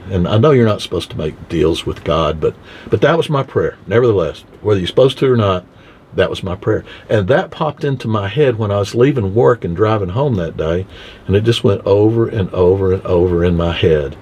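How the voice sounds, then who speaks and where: A veterinarian telling a heartfelt personal story from inside his car, halting and restarting as he speaks. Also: low voice, darkish tone, slight background noise. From Texas. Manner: halting, with many restarts and repeated words. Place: inside a car, window open.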